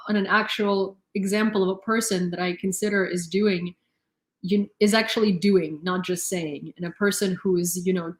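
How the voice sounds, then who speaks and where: A young woman hosting a live news stream, talking in a chatty, rambling way with many fillers and frequent laughs. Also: medium pitch. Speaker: news channel host. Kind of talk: casual live-stream commentary. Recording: roomy echo.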